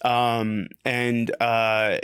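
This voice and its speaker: A man's voice: mid-range voice, completely flat delivery, very slow, a bit bright, clear, resonant tone, dry recording, clean studio sound. A man co-hosting a podcast, telling a story in casual chat, full of fillers and swearing, and acting out the lines he quotes. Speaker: podcast co-host.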